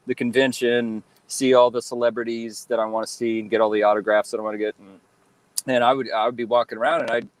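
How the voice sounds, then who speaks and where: A man's voice: medium pitch, no echo, poor audio. Rambling man in casual chat. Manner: rambling, lots of fillers and restarts. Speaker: guest, fan-film actor and cosplayer.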